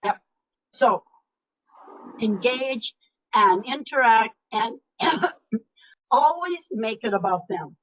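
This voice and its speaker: An older woman coach giving a live webinar talk, animated and emphatic, often dropping her voice low or to a whisper for effect. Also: slow pace, long pauses. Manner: animated, emphatic, varies loudness, drops to whispers. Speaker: speaker and leadership coach. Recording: dull lo-fi webinar audio.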